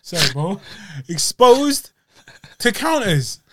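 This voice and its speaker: A man's voice: sits high, sing-song, slow, background noise. A man with a London accent, co-hosting a podcast and critiquing a boxing match in casual, slangy chat. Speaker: podcast co-host.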